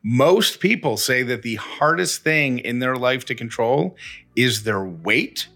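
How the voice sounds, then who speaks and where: A man's voice: medium pitch, animated, slow pace, creaky, sharp tone. A man co-hosting a podcast, chatting casually and reading listener texts with rambling self-corrections. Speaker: podcast co-host.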